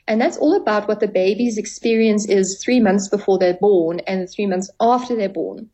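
A woman's voice: medium pitch, normal speed, dark tone, rough recording. A woman therapist as a radio guest, explaining at length and acting out dialogue with clients. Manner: explanatory, acts out quoted dialogue. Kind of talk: radio interview.

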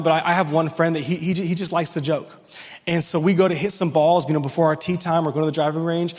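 A man's voice: a little high, big-room sound. A man preaching a sermon as a pastor, in a conversational, self-deprecating way that is full of restarts.

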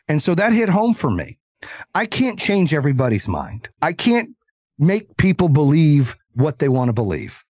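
Energetic emphatic man in a dry studio. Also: a little high, moderate pace, no room sound. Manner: energetic, emphatic, animated storyteller. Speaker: podcast guest, entrepreneur. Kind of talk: casual interview storytelling.

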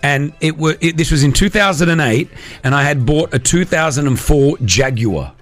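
A man hosts a morning radio show from the studio. His voice sits a touch high for a man, and he spins a story with animated, joking energy over light music. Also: normal speed. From Australia. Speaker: radio host. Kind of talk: breakfast radio chat.

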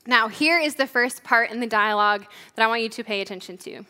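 Young woman preaching, kinda chatty, says like a lot, bright higher voice. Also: a little fast, clean tone. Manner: casual, chatty, says "like" often. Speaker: church leader preaching. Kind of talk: conversational sermon.

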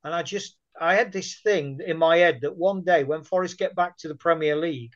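A man's voice: a little high, brisk. A man telling anecdotes in a casual conversation, chatty and rambling. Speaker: guest. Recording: muffled lo-fi audio.

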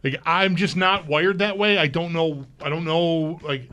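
A man's voice: fairly high pitch, fairly even intonation, unhurried, bright, forceful tone. A man co-hosting a casual sports chat, hesitant, stammering and restarting his sentences. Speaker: co-host. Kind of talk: casual fantasy football chat.

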